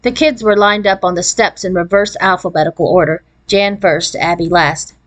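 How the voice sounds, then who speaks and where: A woman reading a children's chapter book aloud in an expressive storybook cadence. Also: fairly low pitch, normal speed, rough recording. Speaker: read-aloud narrator.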